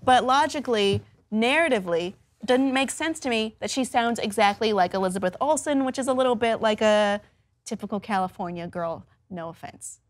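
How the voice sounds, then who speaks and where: A woman co-hosting a casual pop-culture discussion, animated and opinionated, laughing often. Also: fairly high pitch, fairly quick, dry recording. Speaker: co-host.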